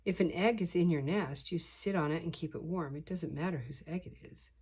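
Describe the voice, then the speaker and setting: Chill papa bird, steady and reassuring , grandma reading it, a bit husky. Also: female voice, sits low, a little fast. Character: calm easygoing father bird.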